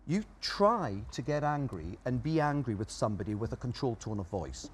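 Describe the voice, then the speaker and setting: A man's voice: medium pitch, very animated, a little fast, a little hiss or hum. A man being interviewed as an expert, explaining ideas emphatically and listing his points one by one. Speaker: guest expert. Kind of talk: interview answers.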